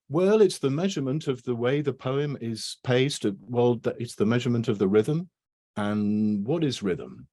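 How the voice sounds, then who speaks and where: A man's voice: fairly low pitch, a little mellow. A man giving a casual academic talk over a video call, rambling and tagging his points with "right?" and "you know". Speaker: lecturer.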